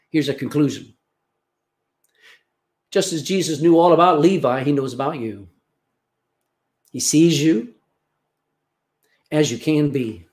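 A man preaching a sermon, reading scripture aloud and pressing his points with emphatic rises in his voice. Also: a little mellow. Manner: emphatic preaching, pitch rising on key phrases, quoting scripture. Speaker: pastor.

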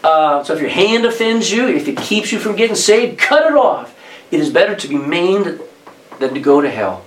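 A man's voice: sing-song, moderate pace, a little hiss or hum. Male preacher in an echoey hall. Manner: conversational, rises in pitch and volume on key points. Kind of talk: sermon with storytelling. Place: church hall with congregation. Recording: echoey room, distant mic, faint background.

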